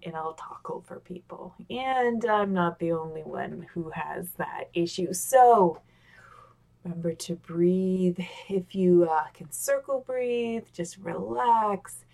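Animated woman giving on-camera tips. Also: lowish voice, takes it slowly, gravelly. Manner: animated, talks with gestures, excitable. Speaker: presenter giving communication tips. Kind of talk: casual instructional talk on camera. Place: home office with a squeaky chair. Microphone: webcam on a video call.

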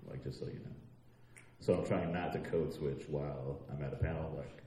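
A man on a discussion panel, joking in a self-deprecating way and trailing off quietly. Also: a bass voice, fairly even intonation, normal speed, reverberant, far from the mic.

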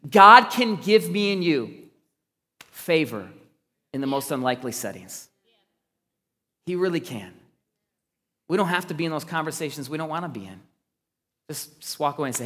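Earnest male preacher with a slightly high voice, moving from loud emphasis to hushed asides, heard in a reverberant church hall. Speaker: pastor. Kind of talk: sermon.

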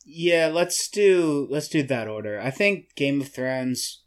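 A man's voice: fairly high pitch, expressive, slow pace. A man co-hosting a podcast, chatting casually in a laid-back, hesitant way with dry humor. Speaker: podcast co-host.

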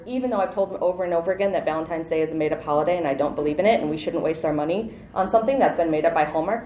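A woman's voice: fairly low pitch, dark tone, slight background noise. Woman preaching a chatty sermon in an echoey room. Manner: conversational and self-deprecating, with light laughs.

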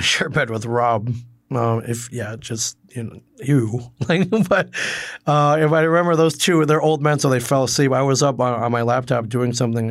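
A man's voice: mid-range voice, no echo, clean studio sound. A man from Michigan, perhaps in his thirties, casually recalling memories in a rambling way with many restarts and quoted asides. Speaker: comic book personality sharing memories. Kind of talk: casual storytelling.

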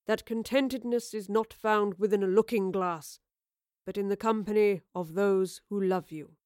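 A woman voicing a portly, wounded older gentleman. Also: high voice, steady tone, moderate pace, smooth, no echo, studio quality, close to an everyday voice. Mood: wistful. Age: 40s. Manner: formal, old-fashioned phrasing. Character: older man, portly, wounded, dignified, melancholy.

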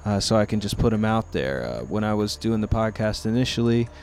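A man's voice: fairly low pitch, expressive, a little fast, darkish tone, slight background noise. A man hosting a podcast in a casual, rambling chat, stoned and loose, talking into a mic at home. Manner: loose and rambling, full of fillers. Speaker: podcast host. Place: room at home overlooking the city. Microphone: studio mic with headphones.

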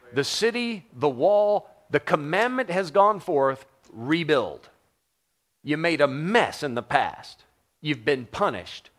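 A man's voice: medium pitch, fairly bright tone. A middle-aged man from the United States preaching a sermon in a conversational, joking way, often putting questions to the congregation. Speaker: pastor.

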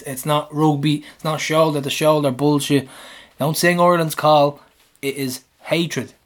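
Irish male podcast co-host, slightly higher pitch, blunt and passionate. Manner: blunt, fiery, swearing. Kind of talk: casual football podcast chat.

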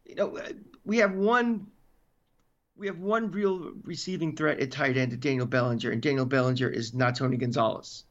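A man co-hosting a casual sports podcast, talking in an animated, emphatic, ranting way. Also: medium pitch, moderate pace, lo-fi sound. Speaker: podcast co-host.

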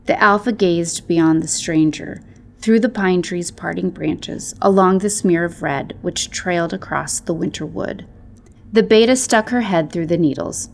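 A woman narrating a storybook tale in a measured, soft-spoken way. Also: on the low side, creaky.

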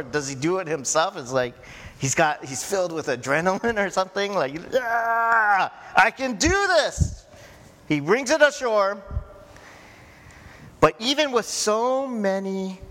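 A man preaching a sermon in a slow, conversational way, often checking in with his listeners. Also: high-pitched, a bit bright. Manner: slow, conversational preaching with frequent "right?" and "you know". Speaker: pastor. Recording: echoey hall with faint ambient noise.

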